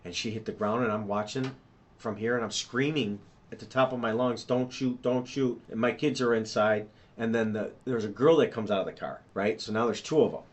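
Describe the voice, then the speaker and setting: A man giving a rambling, fast account to police as a witness, restarting sentences and sketching a map while he talks. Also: fairly low pitch. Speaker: witness being interviewed by police. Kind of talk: police interview statement.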